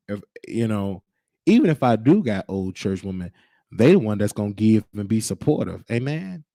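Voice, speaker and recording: A man's voice: fairly low pitch, sing-song, moderate pace, mellow, no room sound. A man hosting his own show, talking in an emphatic, preachy way and repeating his points. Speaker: show host. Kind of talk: casual livestream monologue. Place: Texas.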